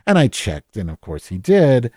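A man's voice: mid-range voice, wildly swooping pitch, normal speed, dark tone, no echo, studio quality. A man playing a cranky, foul-mouthed office worker named Madge in an improvised comedic monologue, rambling and mocking himself with many restarts. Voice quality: rambling, swearing, self-deprecating, many restarts. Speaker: podcast host in character.

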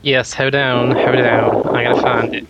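A man co-hosting, bantering casually in a hurried, flustered way. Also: mid-range voice, level tone, heavy background noise.

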